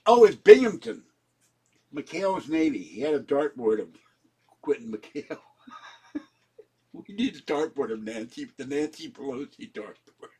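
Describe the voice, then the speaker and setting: A man's voice: medium pitch, sing-song, a little slow, pauses often, warm tone, slightly rough. A man giving a rambling home vlog monologue, ranting and often laughing. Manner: ranting, frequently breaking into laughter. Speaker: vlogger. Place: at home indoors.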